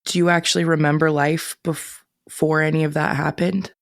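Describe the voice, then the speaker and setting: A woman interviewer asking calm, measured questions. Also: low-pitched, no room sound, clean studio sound.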